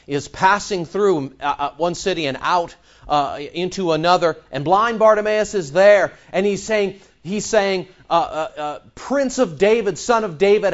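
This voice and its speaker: Animated preacher man, lively pitch. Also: lo-fi sound. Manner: animated, asks rhetorical questions, repeats phrases. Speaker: pastor. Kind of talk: sermon.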